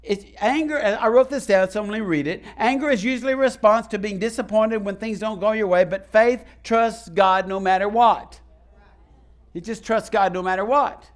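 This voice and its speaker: In a church sanctuary, a pastor preaches a sermon to his congregation, calling out questions to the people. His voice is high-pitched and he speaks at a moderate pace.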